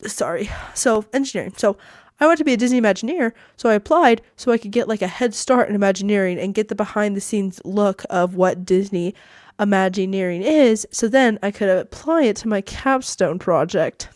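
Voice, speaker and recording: A woman's voice: medium pitch, fairly quick, darkish tone, no echo, studio quality. A teenage girl hosting a podcast, telling a story in a bubbly, chatty way and saying "like" a lot. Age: teens. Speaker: podcast host. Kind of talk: casual storytelling. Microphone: podcast mic that cuts out.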